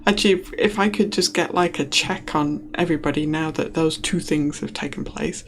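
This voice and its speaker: A game master narrating a tabletop role-playing game in a hesitant, relaxed way with frequent ums. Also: medium pitch, normal speed, a little hiss or hum. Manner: hesitant, lots of ums, laughs often.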